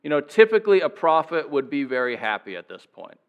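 Guy preaching a sermon, kinda high voice, chatty, acts out the quotes. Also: sing-song, fairly quick, phone-quality sound. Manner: conversational, with chuckles and dramatic voiced quotes. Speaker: pastor.

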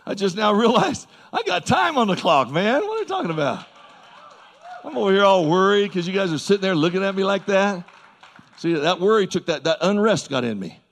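At normal speed and in a high-pitched voice, a man delivers a church sermon to a congregation. His style is folksy and animated, punctuated by emphatic repeats and remarks to the crowd.

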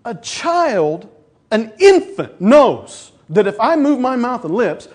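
High-voiced man preaching a lively sermon. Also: takes it slowly. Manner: storytelling, animated, acts out quoted voices. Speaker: pastor.

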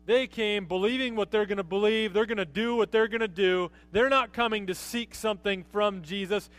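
A man's voice: high voice, moderate pace, fairly bright tone. A man preaching a conversational sermon as pastor, often asking his listeners rhetorical questions.

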